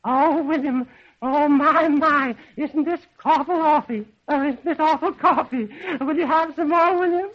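A man's voice: extremely high pitch, unhurried, voice pushed up. A man in a radio comedy sketch voicing a scatterbrained, giggly wife who repeats herself. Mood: dithering. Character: fussy chattering wife Matilda, woman. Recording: dull old radio recording.

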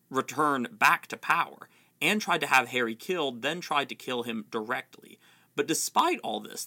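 A man's voice: medium pitch, vocal fry, bright, forceful tone. A man narrating an analytical video essay about a fantasy book series. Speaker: literary analyst.

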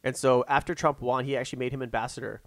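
A man's voice: medium pitch, steady tone, fast talker, a bit bright, no room sound. A man co-hosting a casual chat, rambling with many fillers and restarts as he retells events.

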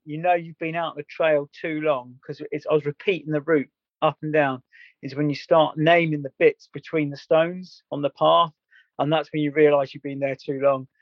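A man's voice: fairly high pitch, no room sound, highs cut off. A man earnestly recounting a story in a candid podcast chat, rambling and restarting as he goes. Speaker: guest.

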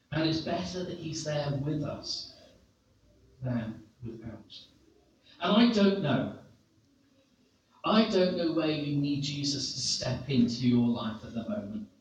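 A middle-aged man from England preaching in a very echoey church hall. He tells his story slowly, with self-mocking humor. He stands well back from a dull-sounding microphone. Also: on the high side, distant mic, a little hiss or hum. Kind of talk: sermon.

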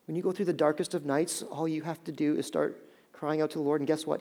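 A man preaching a sermon as pastor, swinging between loud emphatic pleas and soft, low passages. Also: fast talker.

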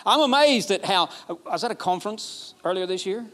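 A man from Alabama, preaching a sermon emphatically, repeating phrases and building to excited peaks. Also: high-pitched, fairly quick. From Alabama, USA. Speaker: pastor.

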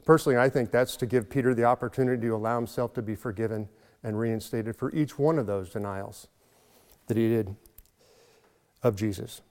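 Earnest preacher in a reverberant hall. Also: male voice, mid-range voice, darkish tone. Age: adult, has a son. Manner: earnest, slows and swells for emphasis. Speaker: pastor. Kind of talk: sermon.

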